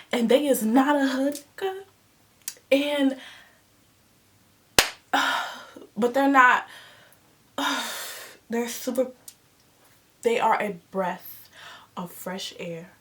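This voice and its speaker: A woman in her twenties, telling a personal story in a casual, animated and dramatic way, laughing and dropping into asides. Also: sits high, unhurried, pauses often, recorded from a distance.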